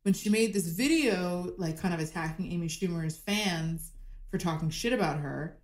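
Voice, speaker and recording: A woman guest on a comedy podcast, talking over a video call with an animated, chatty storytelling manner full of fillers. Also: fairly low pitch, normal speed, roomy sound.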